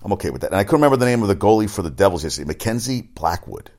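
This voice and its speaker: A man with a slightly low voice rambles excitably through a casual sports chat, swearing freely as he goes. He talks like a personal trainer recapping his day and the games he watched. His delivery is loose and unscripted. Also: very fast.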